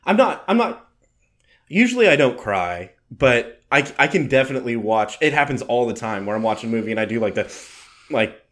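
A young man trading jokes in a relaxed podcast conversation. His pitch swings widely as he talks. He swears casually and keeps things playful. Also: a little fast. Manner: joking, animated, swears casually. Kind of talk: casual chat.

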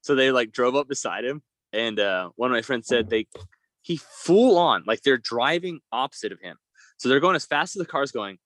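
Young man, lively, swearing storyteller. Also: medium pitch, moderate pace, no room sound. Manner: rambling, profane, laughs while telling stories. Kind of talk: casual storytelling chat.

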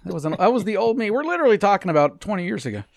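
A man's voice: high voice, big pitch swings, racing, creaky, no room sound, studio quality. A man hosting a podcast, chatting loosely and rambling with lots of swearing and laughs. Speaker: podcast host. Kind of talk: casual profane chat.

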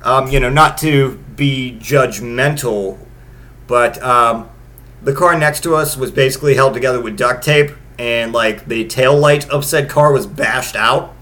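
A man's voice: mid-range voice, unhurried, bright, forceful tone. A man in his late thirties, a podcast host telling a story in a rambling, profane, sarcastic way. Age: late 30s. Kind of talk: casual comedic storytelling.

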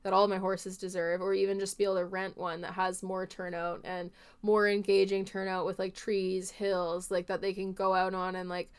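A woman with a smooth, clear voice talks through a casual podcast monologue. She rambles earnestly and leans on filler words as she hosts the show. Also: mid-range voice, flat delivery, normal speed, hardly any pauses. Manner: rambling, heartfelt, filler-heavy speech. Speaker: podcast host and horse trainer.

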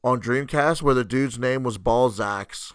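A man's voice: mid-range voice, unhurried, fairly bright tone, smooth, no room sound, clean studio sound. A man co-hosting a casual podcast, throwing in wisecracks and casual swearing. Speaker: podcast co-host.

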